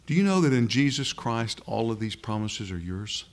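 An earnest, very animated male preacher delivers a sermon to a room with a live congregation. His pitch is middling, he leans hard on key phrases, and he slows his words right down when he wants a point to land.

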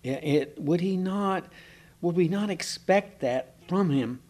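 A man teaching a Bible passage in a relaxed, conversational way, often pausing with fillers and asking his listeners questions. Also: high-pitched. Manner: conversational, asks the room questions, hesitant with many fillers. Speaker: preacher. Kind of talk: informal Bible teaching to a small congregation.

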